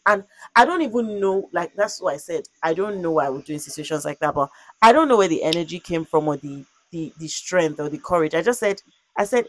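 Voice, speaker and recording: Animated young woman telling a story, dry sound. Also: lowish voice, brisk, no room sound. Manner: animated and expressive, with vivid acted-out quotes; frequent "like" fillers. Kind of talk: casual conversational storytelling.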